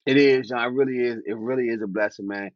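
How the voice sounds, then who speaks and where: A man's voice: medium pitch, fairly even intonation, fast, background noise. A man from the Washington DC area interviewing a guest in easygoing, loose street talk. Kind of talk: casual interview chat. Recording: dry, slightly dull recording.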